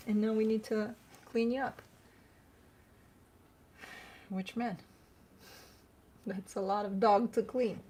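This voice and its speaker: A woman's voice: mid-range voice, darkish tone. A woman who reads tarot, chatting casually on a live stream at home and cooing over her dogs between remarks.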